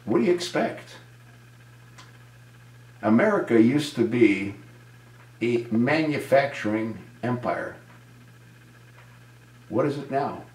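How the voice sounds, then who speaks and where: A man's voice: medium pitch, lively intonation, takes it slowly, long pauses, darkish tone, reverberant, rough recording. A man giving an indignant political commentary monologue, answering a viewer and asking rhetorical questions. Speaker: video commentator.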